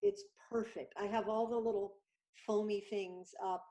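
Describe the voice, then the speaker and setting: A woman's voice: medium pitch, steady tone, unhurried, warm tone. A woman voiceover artist chatting as a guest on a video-call interview, enthusiastic and talkative.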